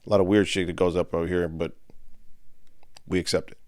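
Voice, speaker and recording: A man's voice: deep voice, little pitch movement, brisk, a little mellow, dry recording, clean studio sound. A middle-aged man from the Bay Area with a Californian accent, a father co-hosting a casual podcast in slangy, laid-back talk. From San Francisco Bay Area. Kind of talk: casual chat.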